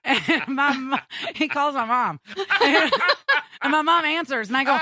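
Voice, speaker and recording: A woman's voice: high voice, lively intonation, unhurried, noisy background. A young woman co-hosting a morning radio show, telling a story with lots of laughter and acted-out dialogue.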